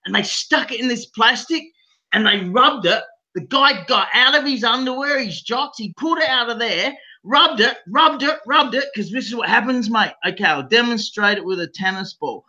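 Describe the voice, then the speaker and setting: Brief: loud, profane Australian bloke calling in, bright high voice, muffled line. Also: male voice, expressive, normal speed. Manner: rowdy, profane, rambling, says mate constantly. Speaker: call-in guest. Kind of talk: crude casual banter.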